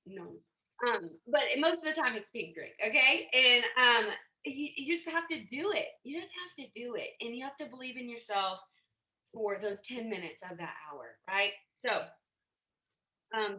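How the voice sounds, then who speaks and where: A woman giving an energetic motivational talk, emphatic and acting out little quotes. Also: on the high side. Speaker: motivational speaker. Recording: echoey room.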